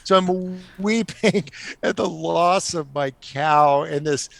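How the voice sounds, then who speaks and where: A middle-aged man telling stories on a podcast as a guest, animated and often laughing. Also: a little high, slow, creaky, no room sound. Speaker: guest author. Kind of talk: casual storytelling on a podcast.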